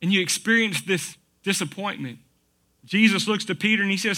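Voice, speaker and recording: A man's voice: sits high, fairly quick, sharp tone. A man preaching a sermon in a conversational, folksy way, asking the congregation rhetorical questions. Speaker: pastor.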